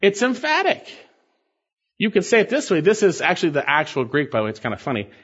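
Animated high-voiced male preacher. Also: fast, breathy edge. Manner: animated, emphatic, repeats key phrases for stress. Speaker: pastor. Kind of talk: expository sermon. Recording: dull lo-fi sermon recording.

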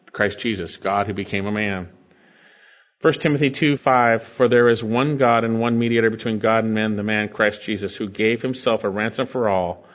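A pastor preaching an expository sermon, reading scripture aloud and explaining it, swinging between emphatic and quiet delivery. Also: male voice, mid-range voice, dull audio.

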